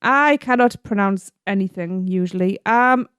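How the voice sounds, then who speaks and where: A woman's voice: fairly high pitch, very animated, normal speed, dry recording, clean studio sound. A woman co-hosting a podcast in casual chat, giggly and playful, tripping over words. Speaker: podcast co-host.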